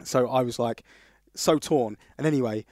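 A man's voice: mid-range voice, normal speed, a little mellow, no echo, studio quality. Man telling rambling podcast anecdotes. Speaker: podcast co-host. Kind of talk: casual storytelling chat.

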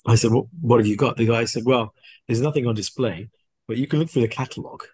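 A man, a podcast guest, casually telling a story and acting out the dialogue in an animated way. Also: medium pitch, fast, husky, dry recording. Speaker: guest watch collector.

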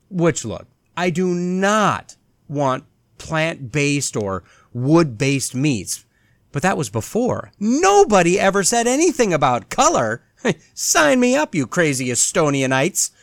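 A man's voice: fairly high pitch, no echo, clean studio sound. A man hosting a podcast, reading news and quoting articles with sarcastic, mock-earnest asides. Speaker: podcast host.

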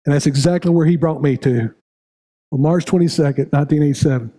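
A man's voice: fairly high pitch, quick pace, mellow. A middle-aged man preaching a sermon as pastor, building to raised, repetitive appeals to his congregation. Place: church sanctuary.

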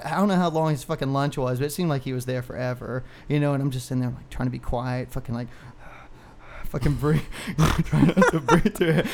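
A man in his thirties, a podcast co-host, telling a long personal story in casual, profane, rambling talk with frequent laughs. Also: a little high.

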